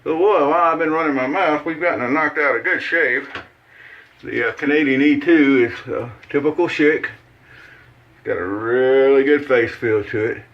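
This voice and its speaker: A man's voice: mid-range voice, normal speed, dull audio. A man hosting a shaving video, chatting casually in a folksy, rambling way with lots of fillers as he shaves at his bathroom sink. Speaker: shaving channel host. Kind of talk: casual how-to chat while shaving.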